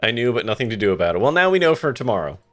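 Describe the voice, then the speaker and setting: A man's voice: medium pitch, very animated, very fast, faint music behind. Man swearing and laughing through gameplay. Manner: swears and laughs, thinks aloud. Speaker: streamer. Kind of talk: casual let's-play commentary.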